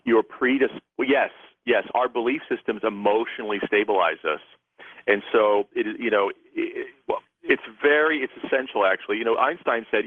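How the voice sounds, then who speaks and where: A man's voice: on the low side, dry recording. Man explaining on a tinny phone line. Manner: measured, lecturing, lists ideas. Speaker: psychic and author, radio guest. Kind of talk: explanatory talk on a call-in radio show.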